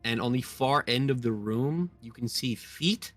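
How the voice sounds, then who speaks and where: A man's voice: medium pitch, unhurried, no echo, faint music behind. Laid-back male game master, dry sound. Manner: relaxed, loose describing with many fillers. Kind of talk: narrating a tabletop game.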